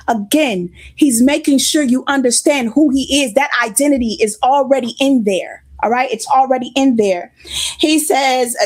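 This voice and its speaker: High-pitched woman preacher, stuffy nose, chatty sermon delivery. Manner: conversational, greets listeners by name. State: congested.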